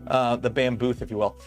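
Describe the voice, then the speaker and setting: A man with a slight lisp, hosting a casual livestream and rambling with lots of "um" and restarts. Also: mid-range voice. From Canada. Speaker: livestream host.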